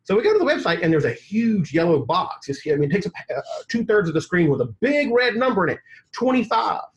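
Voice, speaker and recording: A man with a Southern American accent, a guest telling his story in a casual podcast interview, animated, laughing often and acting out quotes. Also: high-pitched, fast, highs cut off, slight background noise. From United States. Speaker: guest, agency coach.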